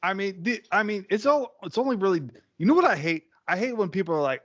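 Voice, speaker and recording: Man, podcast co-host, slightly high voice, casual storytelling, laughs often, dull dry recording. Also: expressive, fast, fairly bright tone. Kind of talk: casual profane podcast banter.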